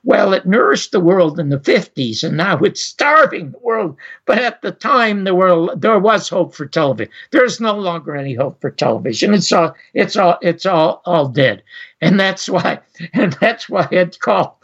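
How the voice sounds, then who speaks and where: A man's voice: moderate pace, slightly rough, highs cut off. An older man, a former talk show host, telling a story in an interview, acting out what other people said. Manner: animated, acts out others' lines with raised pitch. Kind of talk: anecdotal storytelling.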